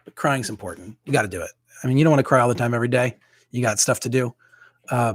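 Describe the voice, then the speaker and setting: Candid, rambling husky-voiced man. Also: on the low side, dry recording. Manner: candid, rambling, with many fillers and restarts. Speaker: priest. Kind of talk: casual livestream chat.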